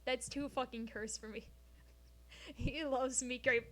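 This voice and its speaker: A woman's voice: high-pitched, fairly even intonation, unhurried. A woman streaming casually from home, rambling and swearing freely as she jokes with her chat between science explanations. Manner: profane, rambling, jokey. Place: home, sitting on the floor.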